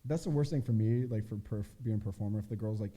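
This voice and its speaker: A young man with a lowish, dark voice talks fast as a guest on a casual podcast, where he's introduced as an adult film performer. He tells a story loosely and laid-back, packed with fillers and swearing.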